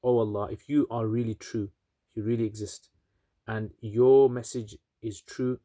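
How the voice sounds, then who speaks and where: A man's voice: fairly low pitch, steady tone, moderate pace, dark tone, natural voice. A man voicing a young boy steadfast in his faith, speaking earnestly in a retold story.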